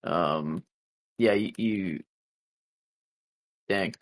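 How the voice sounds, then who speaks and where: A man's voice: low voice, drawn-out words. A man co-hosting a podcast, chatting casually in a musing, hesitant way. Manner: musing, hesitant, many fillers and restarts. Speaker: podcast co-host. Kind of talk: casual chat.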